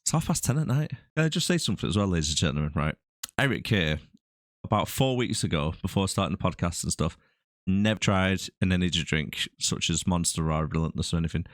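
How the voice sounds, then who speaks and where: A man's voice: low-pitched, expressive, fast talker, no room sound, clean studio sound. A man co-hosting a movie podcast in casual banter, teasing and laughing often. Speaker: podcast co-host.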